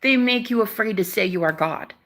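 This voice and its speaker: Bright-voiced woman preaching to camera. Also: medium pitch, brisk. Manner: emphatic, preachy, swears casually, calls viewers baby. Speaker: spiritual channel host. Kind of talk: casual spiritual talk to camera.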